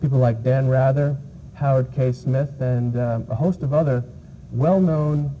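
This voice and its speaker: A man's voice: medium pitch, fairly even intonation, measured pace. A man from New York, an English teacher answering interview questions, hesitating often with uh and um. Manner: hesitant, many fillers. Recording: muffled archival TV audio, faint hiss.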